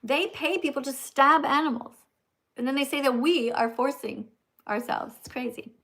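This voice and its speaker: A woman's voice: high-pitched, normal speed, a bit bright. A middle-aged American woman hosting a livestream in casual chat, emphatic and scolding, repeating herself. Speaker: livestream host.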